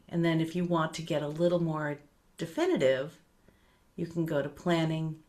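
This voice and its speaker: Woman, middle-aged, meditation teacher, gentle, unhurried, slightly low voice, soft trailing repetitions.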